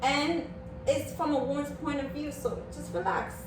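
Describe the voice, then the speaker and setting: A woman co-hosting a casual podcast with her husband, outspoken and animated, telling stories and laughing often. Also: high-pitched, normal speed. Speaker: podcast co-host. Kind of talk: casual chat, storytelling. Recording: echoey room, distant mic, background noise.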